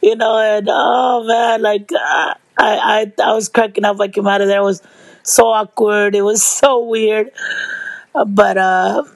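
Gravelly middle-aged woman telling stories. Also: medium pitch, unhurried, dry recording. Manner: lively, laughing, swears freely. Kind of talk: casual storytelling.

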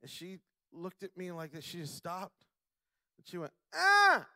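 A young man preaching a sermon, slowing down to stress key words and building to loud, emphatic passages. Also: fairly high pitch, fairly even intonation, no room sound, clean studio sound. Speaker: pastor; father.

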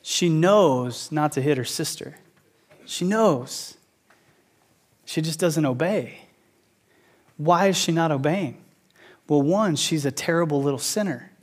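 A man in his thirties preaching a sermon, an animated storyteller who repeats phrases for emphasis. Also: on the high side, slow, long pauses. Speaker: pastor teaching a series.

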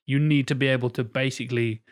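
A man talking in a rambling, loose podcast chat, mid-pitched and plain-voiced. He is blunt and swears freely as he gets worked up. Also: steady tone, fast. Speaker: podcast co-host. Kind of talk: casual chat.

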